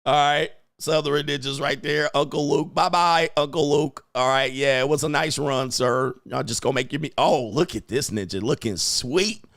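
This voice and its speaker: Male host, AAVE, mocking trash talk, slightly high voice, dry sound. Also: moderate pace, creaky, hardly any pauses, fairly bright tone, no room sound. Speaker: show host. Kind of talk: casual commentary monologue.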